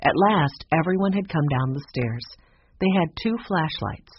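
A woman narrating a children's chapter book in a measured storytelling way. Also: deep voice, expressive, breathy edge. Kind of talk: audiobook narration. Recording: dull lo-fi sound.

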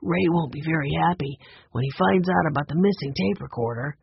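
A storyteller voicing a calm, sensible older brother who patiently explains things. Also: medium pitch, a little fast, gravelly, muffled recording, slight background noise, close to an everyday voice. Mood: explaining.

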